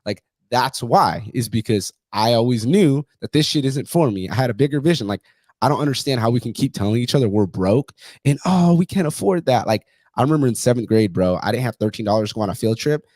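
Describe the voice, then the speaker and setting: A man's voice: mid-range voice, fast talker, a little mellow, dry recording. A man in his thirties talking bluntly and profanely about his family in a casual conversation.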